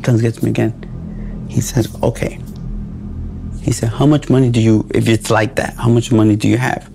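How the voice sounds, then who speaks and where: A man's voice: medium pitch, little pitch movement, moderate pace, gravelly, background noise. A man telling his own story in a podcast interview, acting out the dialogue in a blunt and profane way.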